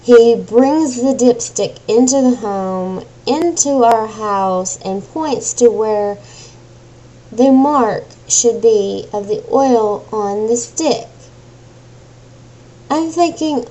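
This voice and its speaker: A woman's voice: a little high, slow, dark tone, rough recording. A young adult woman venting in an emotional personal rant, agitated and exasperated, swearing now and then. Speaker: vlogger.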